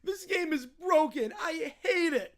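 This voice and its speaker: Man playing a spoiled little boy in a tantrum, high whiny voice, wild pitch swings, yelling and whining. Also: expressive, a little slow, heavily acted.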